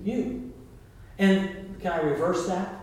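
A man's voice: high-pitched, steady tone, takes it slowly, darkish tone. A man preaching a sermon as pastor, talking to the congregation in a conversational way and calling on them to respond. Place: church sanctuary. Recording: very echoey hall, mic far off.

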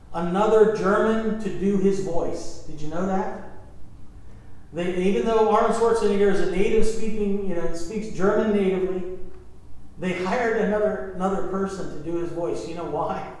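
A man's voice: high voice, a little mellow. A man in his fifties preaching a sermon as pastor, conversational, with asides and questions to the congregation. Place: church sanctuary. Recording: very echoey church room.

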